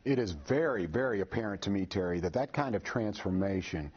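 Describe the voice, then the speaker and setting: A man's voice: on the low side, expressive, a little fast, over loud music. A man hosting a live TV interview, asking encouraging, conversational questions. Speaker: TV host. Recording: slightly muffled TV broadcast audio.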